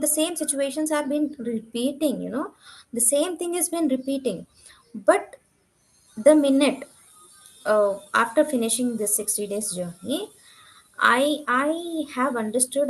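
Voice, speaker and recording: A woman's voice: high voice, rough recording. A woman giving an earnest, candid testimonial about her own growth. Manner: earnest, candid, self-reflective. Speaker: program participant giving a testimonial. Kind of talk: conversational testimonial.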